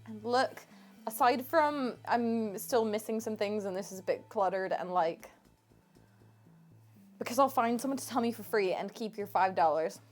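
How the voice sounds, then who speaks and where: A woman's voice: on the high side, moderate pace. Woman streamer, casual teasing chat from home on a desk mic, faint music underneath. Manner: playful, teasing, laughs often. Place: home room. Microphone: desk microphone.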